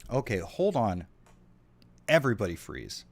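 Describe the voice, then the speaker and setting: Chatting casually with his stream viewers as he plays a game, a deep-voiced man rambles, swears freely, and reacts to messages from chat while keys clatter behind him. His pitch swoops wildly, his pace is unhurried, and his voice is creaky, with a little hiss or hum in the recording.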